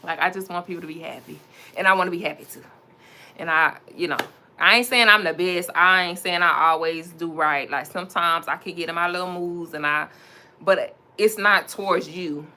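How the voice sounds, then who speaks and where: A woman's voice: lowish voice, moderate pace, sharp tone, a little hiss or hum. A young woman, chatting casually and animatedly to her viewers on a livestream, laughing often. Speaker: entrepreneur livestreaming while styling a wig.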